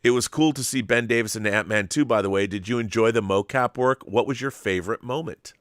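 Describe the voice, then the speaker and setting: A man hosting a casual interview show, reading viewer comments aloud in a relaxed, conversational way. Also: medium pitch, fairly quick, dry recording, studio quality. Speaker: podcast host.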